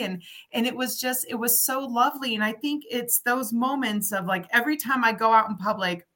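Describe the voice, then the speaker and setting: A middle-aged woman in casual chat, telling an animated story and acting out the people she quotes. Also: on the high side.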